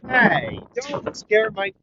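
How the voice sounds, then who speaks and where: A man's voice: high-pitched, takes it slowly, highs cut off, background noise, pitched above the performer's own voice. A man doing a jolly, friendly big hero. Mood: cheery. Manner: cheerful, welcoming.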